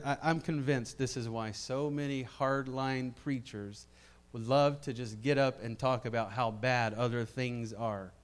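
A man preaching a sermon to a congregation, swinging between quiet reflective passages and loud emphatic ones, often repeating words as he builds up. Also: medium pitch. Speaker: pastor.

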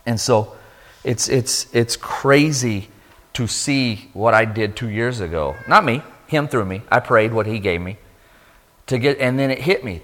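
A man giving a sermon testimony, telling his story with lively energy and acting out the voices of people he met. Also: medium pitch, a little slow. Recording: long hall reverb.

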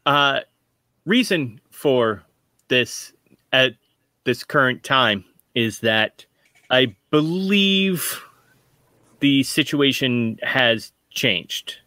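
A man voicing a stiff, formal corporate agent who speaks in a halting, measured way. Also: mid-range voice, expressive, sharp tone, no room sound, exaggerated voice.

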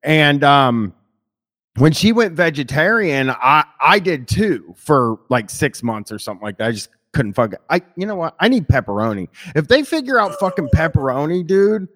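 A man's voice: on the high side, very animated, moderate pace, a bit bright. A man in casual conversation who rambles, restarts his sentences, swears freely and laughs easily. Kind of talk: casual chat.

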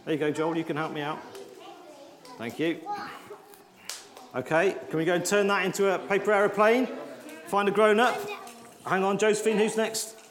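A high-voiced man runs a playful children's slot in church, coaxing kids and laughing at his own mishaps. His voice carries through an echoey hall. A congregation murmurs around him. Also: fairly even intonation, normal speed, pauses often, crowd noise. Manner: jokey, self-deprecating, coaxing children. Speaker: church leader running a children's talk. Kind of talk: lively all-age church talk with props.

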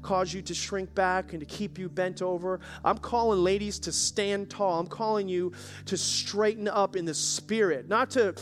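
A man preaching in a church service, urging his congregation on and calling for amens. His voice sits high for a man. A faint hum runs underneath. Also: steady tone, moderate pace. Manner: exhorting, calls for audience response. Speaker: pastor. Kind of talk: sermon.

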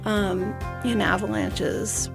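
A woman with a gravelly, fry-edged voice at a middle pitch, recalling her experience as a guest in a studio. She talks freely and rambles, doubling back and restarting her sentences, with faint music under her voice. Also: fairly even intonation, slow pace. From United States. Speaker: interview guest, avalanche survivor. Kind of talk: emotional personal storytelling.

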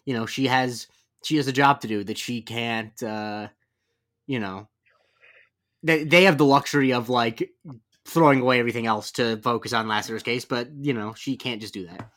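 A man's voice: mid-range voice, fairly even intonation, moderate pace, fairly bright tone. A man co-hosting a podcast, recapping a TV episode in casual, rambling chat full of fillers and self-corrections. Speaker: podcast co-host.

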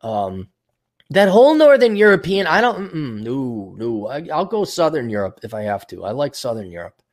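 A man's voice: medium pitch, very animated, normal speed. Guy rambling on his stream, crude and jokey, voice bounces all over. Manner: rambling, crude, self-mocking. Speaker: streamer reading out donations. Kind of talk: casual livestream chat.

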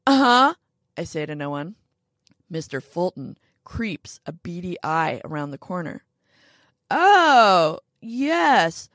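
A woman narrating a first-person story, wry and tense, dropping to hushed tones and rising for quoted lines. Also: fairly low pitch, no room sound, clean studio sound. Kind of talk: first-person story reading with acted dialogue.

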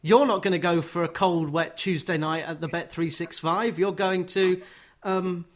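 Wry male radio host, slightly high voice. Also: fairly even intonation, moderate pace. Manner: wry, teasing. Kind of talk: casual radio chat.

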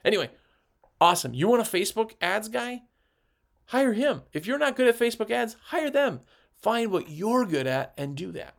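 A man's voice: high voice, very animated, moderate pace, vocal fry. A man talking on a podcast as a sales rep, giving a passionate pep talk that rambles with fillers and restarts. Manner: gets worked up, passionate. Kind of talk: energetic motivational podcast talk.

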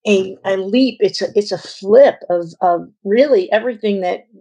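A woman hosting a podcast interview, speaking thoughtfully in halting phrases. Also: mid-range voice, mellow. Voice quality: gravelly and husky. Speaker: podcast host.

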